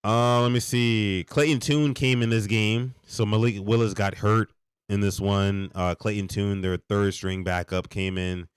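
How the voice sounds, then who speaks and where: Man, hoarse, under the weather, low voice, dry close sound, exasperated sports-stream ranting. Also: unhurried, dry recording. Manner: animated, exasperated ranting with repeated restarts. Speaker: podcast host. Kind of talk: late-night live sports reaction stream.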